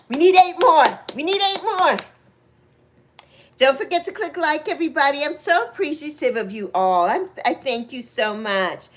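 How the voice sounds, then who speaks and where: A woman in her sixties with a high voice talks casually to her livestream viewers. She is openly emotional and greets people by name. She laughs easily and jumps up into excited peaks. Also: a little slow. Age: 60s. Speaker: livestream host.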